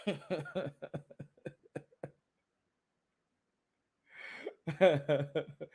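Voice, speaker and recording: A young American man ranting in loud, slangy boxing commentary, mocking and repeating himself. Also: a little high, steady tone, extremely slow, husky. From United States.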